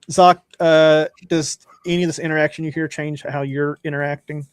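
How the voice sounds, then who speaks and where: Man, game master, casual narration, slightly high voice, dry close sound. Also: flat delivery, moderate pace, hardly any pauses, clear, resonant tone, no echo. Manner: casual, lots of fillers and restarts.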